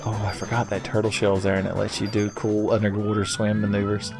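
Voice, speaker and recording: A man's voice: fairly low pitch, monotone, brisk, gravelly, over music. A young man hosting a let's play, giving casual gameplay commentary full of sarcastic, profane, rambling jokes.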